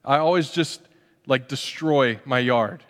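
A middle-aged man preaching a sermon as a pastor, animated, acting out little voices and asides. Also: mid-range voice, unhurried. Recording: long hall reverb.

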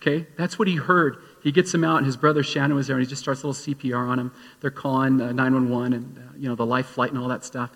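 A man's voice: medium pitch, fairly even intonation, quick pace, creaky, hardly any pauses, fairly bright tone. A man preaching a sermon as pastor, telling a story and then urging his listeners with rising emphasis. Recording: long hall reverb.

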